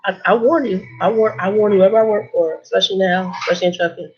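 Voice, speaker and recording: A woman's voice: medium pitch, fast talker, slight background noise. A woman truck driver telling stories in a casual vlog, blunt and sarcastic. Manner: sarcastic, blunt, animated storytelling. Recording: dull lo-fi recording.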